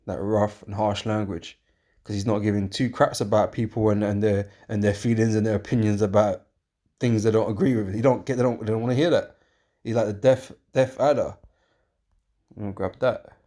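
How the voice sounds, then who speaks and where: A man preaches in a loose, conversational way, repeating himself and checking in with his listeners. His voice sits a little low, and he presses his points with steady emphasis. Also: normal speed. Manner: rambling, repetitive, emphatic with frequent fillers and tag questions. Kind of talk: informal preaching with scripture reading.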